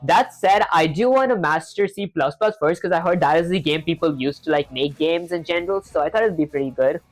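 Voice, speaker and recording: A man streaming live coding, talking quickly in a casual, chatty way, reading instructions aloud and filling gaps with fillers. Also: on the high side, faint music behind. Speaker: programming streamer.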